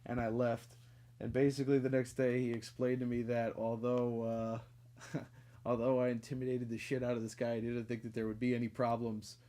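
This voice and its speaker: On a podcast, a young man meanders through a lengthy funny story, cursing frequently and packing in filler words. He speaks at a moderate pace in a mellow, medium-pitched voice with a completely flat delivery.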